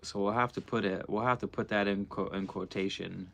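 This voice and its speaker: Male streamer with a fairly low voice, laid-back slangy chatter, thinking out loud to chat. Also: fairly even intonation, brisk, vocal fry, a little hiss or hum. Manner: loose and slangy, musing aloud. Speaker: livestream host. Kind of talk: casual livestream chat.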